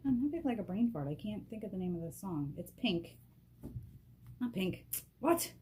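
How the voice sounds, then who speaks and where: A woman giving a casual spiritual card reading at a table, excitable and emotional, laughing often and speaking straight to the viewer through a camera propped on a box. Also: mid-range voice, normal speed, a little hiss or hum. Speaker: vlogger doing a card reading. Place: at a table indoors.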